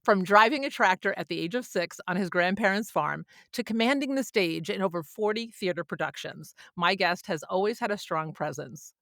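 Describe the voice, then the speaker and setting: A woman's voice: medium pitch, moderate pace, vocal fry, few pauses, a bit bright, no echo, studio quality. A woman hosting a podcast interview, bubbly and laughing often. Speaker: podcast host.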